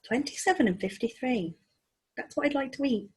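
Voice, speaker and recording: A woman teacher reading a chapter book aloud to children, expressive and engaging. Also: high-pitched, normal speed, slightly rough. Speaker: primary school teacher.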